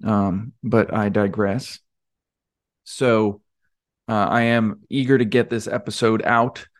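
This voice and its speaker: A man's voice: lowish voice, fairly even intonation, takes it slowly. A young man hosting a casual solo podcast, rambling and self-deprecating with lots of fillers. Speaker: podcast host.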